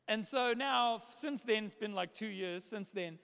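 A man in his thirties, a pastor, preaching a sermon in a church auditorium in a conversational, animated way. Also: high-pitched, a little fast, few pauses, smooth. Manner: conversational, animated storytelling with laughs. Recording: long reverb of a large hall.

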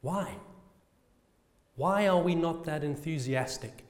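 Passionate British preacher in an echoing hall. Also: male voice, on the high side. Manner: passionate, with rhetorical questions and slow emphatic phrases. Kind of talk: sermon.

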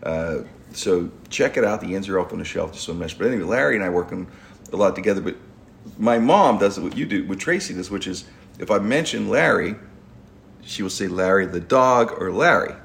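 A man's voice: low-pitched, expressive, brisk, creaky, slight background noise. A middle-aged man, hosting a podcast and telling a long rambling story with restarts and stumbles. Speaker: podcast host. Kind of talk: casual storytelling chat.

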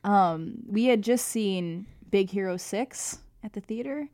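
A woman's voice: medium pitch, slow pace, no echo, studio quality. A young woman co-hosting a casual chat, telling stories and acting out the dialogue. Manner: animated storyteller, acts out dialogue. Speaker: co-host.

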